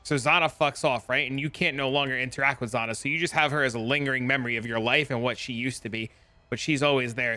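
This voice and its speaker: Bright-voiced swearing game streamer man. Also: mid-range voice, steady tone, fast. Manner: profane, rambling, jokey explaining. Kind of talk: casual livestream chat.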